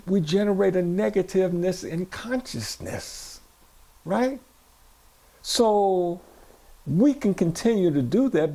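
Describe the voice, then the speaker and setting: A male pastor with a fairly high, creaky voice and a dark tone preaches in church. His sermon is repetitive, with call-and-response moments where he asks the congregation questions.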